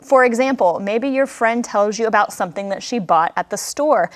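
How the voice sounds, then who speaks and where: Woman teacher explaining english phrases, kinda high voice, encouraging. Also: normal speed. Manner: clear, encouraging, example-giving. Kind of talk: scripted language lesson.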